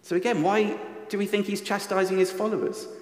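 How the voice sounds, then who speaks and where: Male preacher, slightly high voice, reflective sermon, roomy church reverb. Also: level tone, brisk. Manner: reflective, asks the listeners questions. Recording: echoey church hall reverb.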